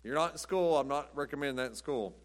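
A fast-talking man with a medium-pitched voice preaches a sermon in a folksy, rambling storytelling style. He chuckles often and keeps saying "but anyway."

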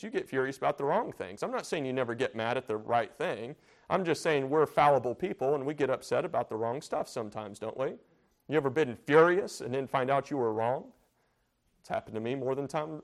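A man teaches a church Bible study in an earnest, conversational manner. He circles back on his phrases and keeps putting questions to the room. His voice sits at an ordinary middle pitch.

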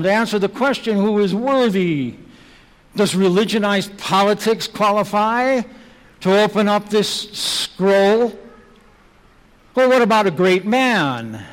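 Slow, high-voiced preacher in a reverberant hall. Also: male voice. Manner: emphatic, rhetorical questioning. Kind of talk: sermon.

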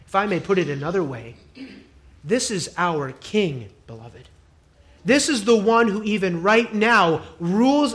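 A male pastor preaching a sermon, emphatic and repetitive, dropping to a hush and rising to loud declarations. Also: high voice. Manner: emphatic, swings from hushed to loud; repeats phrases for emphasis.

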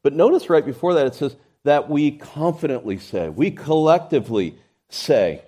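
A man's voice: on the high side, animated, normal speed, warm tone. A man preaching a sermon to his congregation, building emphasis through his points and often restarting mid-phrase. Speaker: pastor.

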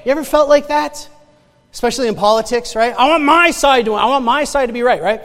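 A man's voice: extremely high pitch, fast talker, fairly bright tone, big-room sound. A male pastor preaching a sermon in a conversational storytelling way, often restarting and repeating words and asking the congregation direct questions.

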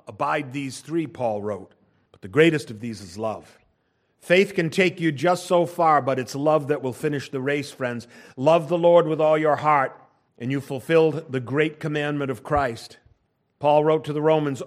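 A middle-aged man preaching a sermon, swinging from hushed asides to loud emphatic lines. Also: medium pitch. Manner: dynamic preaching with wide swings in volume, from near-whispers to loud emphasis.

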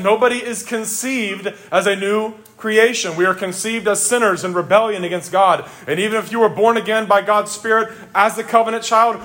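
A middle-aged male pastor preaching a sermon, earnest and emphatic, rising to exclamations and dropping low for quiet reflective asides.

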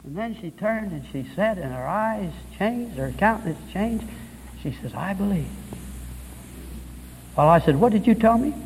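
Male radio preacher, high voice, storytelling sermon in a hall with long reverb. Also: expressive, normal speed, pauses often, a little mellow, slight background noise. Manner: storytelling, quoting others, rising to fervent peaks. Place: church or hall with pulpit.

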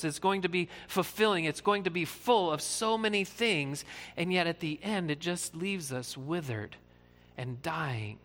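Bright-voiced man preaching in an echoing hall. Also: fairly high pitch. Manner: earnest, conversational preaching with frequent "uh" fillers. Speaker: pastor. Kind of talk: sermon.

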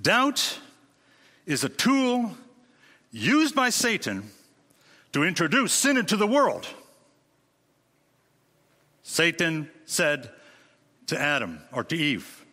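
A man preaching a sermon, speaking emphatically with dramatic swings in pitch and rhetorical questions to his congregation. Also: wildly swooping pitch, takes it slowly, pauses often, pushed and bright. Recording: long hall reverb.

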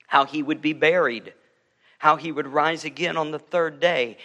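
A man's voice: a little high, a bit bright, big-room sound. A male pastor preaching an emphatic sermon in a church, building intensity with joking asides.

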